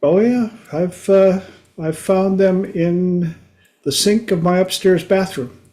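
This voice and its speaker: A man hosting his own talk show, telling stories in a folksy, unhurried way. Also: high voice, dark tone. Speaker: podcast host. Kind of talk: casual monologue.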